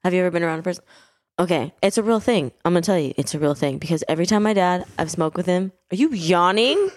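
Woman, casual podcast chat, giggly and profane, pitch swings up and down a lot. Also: lively intonation, quick pace. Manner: giggly, swearing, frequent laughter.

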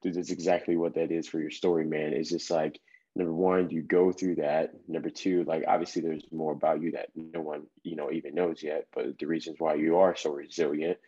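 A man's voice: extremely low pitch, level tone, brisk, mellow, breathy edge, muffled recording. A man hosting a casual interview, laid-back and encouraging, with slangy reactions. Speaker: podcast host.

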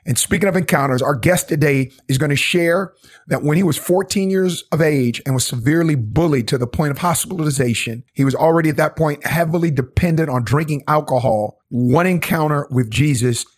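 A man co-hosting a faith podcast, speaking in an excited, emphatic way. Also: on the high side, a little fast. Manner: hyped, emphatic. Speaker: podcast co-host.

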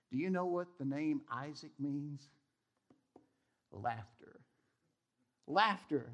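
A high-voiced man preaching a sermon. He tells stories with energy and acts out the voices of the people in them. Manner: animated storytelling, acts out the dialogue of the people he quotes. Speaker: pastor.

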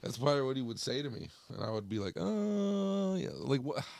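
A man's voice: mid-range voice, very fast, vocal fry, no room sound. A young man co-hosting a podcast, chatting casually and joking in a rambling way. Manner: rambling, joking, loose with restarts. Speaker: podcast co-host. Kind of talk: casual chat.

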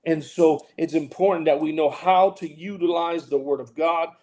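A man talks through a Bible passage as pastor and co-host, slightly high in pitch with a mellow, warm tone. He speaks earnestly, often restarting and repeating words as he builds toward an emphatic point. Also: fairly even intonation, normal speed. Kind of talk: casual Bible discussion.

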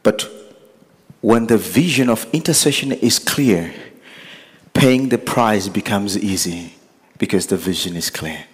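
A man's voice: on the low side, unhurried, long pauses, breathy edge. A man preaching a sermon, earnest and building to impassioned pleading. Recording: echoey hall with long reverb.

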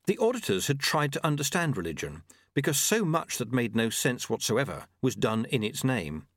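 A man's voice: mid-range voice, sing-song, normal speed, no echo, clean studio sound. A man narrating a novel expressively. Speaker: audiobook narrator. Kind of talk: scripted narration.

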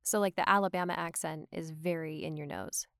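A woman's voice: deep voice, fairly even intonation, fairly quick, a bit bright, dry recording, clean studio sound. A woman talking in a casual chat, full of "like" and "um" fillers. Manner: chatty, lots of "like" and "um" fillers.

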